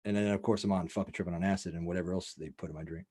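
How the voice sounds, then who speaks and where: A man hosting a casual podcast, telling a wild story in a profane, rambling, animated way. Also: low-pitched, racing, breathy edge. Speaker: podcast host.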